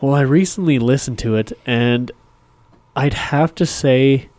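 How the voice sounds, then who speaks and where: A man's voice: medium pitch, a little slow, a little mellow, dry recording. Easygoing man hosting a podcast. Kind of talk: casual chat.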